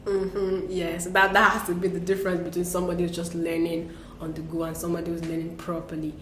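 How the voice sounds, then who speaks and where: A woman's voice: lowish voice, monotone, fast talker, fairly bright tone, echoey room, a little hiss or hum. A woman co-hosting a casual bilingual lesson, patiently explaining French to learners and switching between French and English. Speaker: French teacher co-host.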